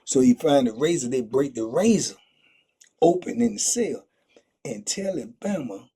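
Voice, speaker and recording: A man hosting a channel, telling prison stories in an animated, slang-heavy way, full of excitable asides. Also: mid-range voice, a little slow, gravelly, breathy edge. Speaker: storyteller host.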